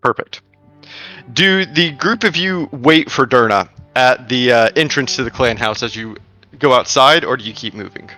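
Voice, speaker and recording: A man narrating as game master in a tabletop game, casual and halting with many fillers. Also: medium pitch, bright, forceful tone, soft background music.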